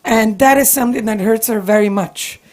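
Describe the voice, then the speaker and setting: A woman's voice: on the high side, a little fast. A woman moderating and interpreting, emotional and apologetic, rambling as she rephrases a question.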